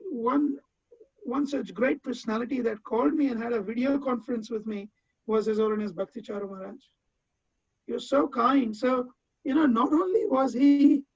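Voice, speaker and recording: A man's voice: very high-pitched, no echo. A man giving a heartfelt tribute speech as a disciple, telling personal memories earnestly, often restarting his phrases. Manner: earnest, with frequent repeated starts. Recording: dull, dry lo-fi sound.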